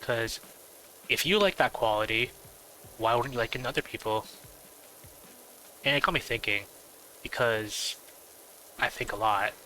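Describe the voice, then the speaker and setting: A man with a nasal voice chatting casually on a stream, rambling and thinking out loud with lots of fillers. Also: medium pitch, unhurried, long pauses, a little hiss or hum, poor audio.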